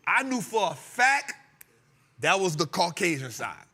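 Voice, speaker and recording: A man's voice: sits high, measured pace, vocal fry. A male host talking stocks in a loose, joking way, laughing and teasing his crew. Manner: animated, joking, laughing often. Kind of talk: comedic finance talk show.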